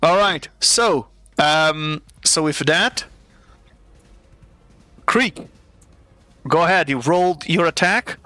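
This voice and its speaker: A man running a tabletop game as game master, halting with many fillers. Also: on the high side, sharp tone, no echo.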